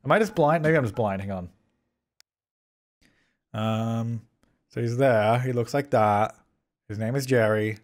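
A man hosting a gaming video, giving excitable let's play commentary, fretting aloud and talking at the characters on screen. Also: mid-range voice, moderate pace, long pauses. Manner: excitable, frets aloud and talks at the game characters.

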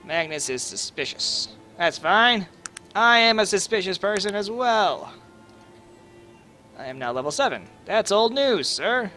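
Sarcastic crude game commentator, bright voice, unhurried. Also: male voice, high voice, expressive, faint music behind. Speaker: gaming video host. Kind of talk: casual gameplay commentary.

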